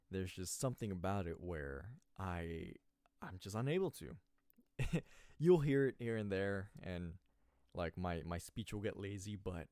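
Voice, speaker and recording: A man's voice: sits low, a little mellow, clear, resonant tone, dry recording, clean studio sound. A man from California hosting a small solo podcast, rambling and correcting himself, with slightly slurred, lazy speech. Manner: rambling, self-correcting, slurs words. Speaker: podcast host. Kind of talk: casual solo podcast monologue.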